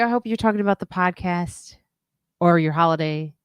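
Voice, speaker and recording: Woman comic chatting on her stream, lowish smooth voice, dry close sound, says hi to folks in chat. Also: normal speed, no echo, muffled recording. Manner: chatty, reads out viewer comments and greets them; says she is using a weird low radio voice. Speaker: comedian and podcast host. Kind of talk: casual solo live stream chat.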